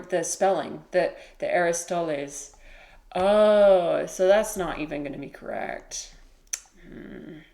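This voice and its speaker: A woman's voice: fairly low pitch, a little mellow. A woman streamer chatting casually on a livestream and reading chat aloud, rambling and giggling, with music playing behind her.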